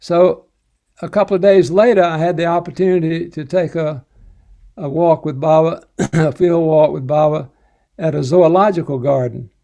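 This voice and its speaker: Older man, fairly high voice, mellow tone, unhurried devotional storytelling, soft chuckles. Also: fairly even intonation, gravelly. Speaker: spiritual teacher. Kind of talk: recounting personal devotional stories.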